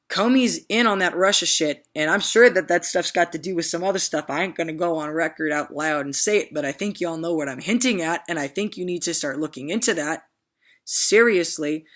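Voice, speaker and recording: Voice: medium pitch, bright, forceful tone. A vlogger giving a casual opinion rant to viewers. The talk is rambling and emphatic, often loses the thread, and keeps checking in with "okay?". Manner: addresses viewers directly with repeated "okay?". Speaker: political commentator vlogger.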